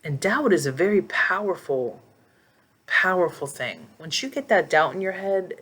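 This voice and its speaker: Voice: medium pitch, lively intonation, moderate pace, a bit bright, slightly rough. A vlogger telling a personal story in a casual, emphatic way, often repeating words for stress, recorded on a handheld phone.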